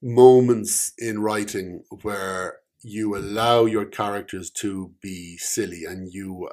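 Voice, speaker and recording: A man, an author, talking casually about his writing, hesitant and halting with many ums, his voice trailing off softly. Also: on the low side, steady tone. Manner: soft-spoken, trailing off quietly.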